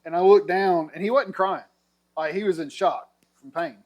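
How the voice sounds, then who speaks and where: A man's voice: high voice, moderate pace. A middle-aged man, casually telling a long story over drinks, acting out quotes and laughing often. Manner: animated storyteller, acts out quotes, laughs a lot. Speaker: podcast guest telling a story.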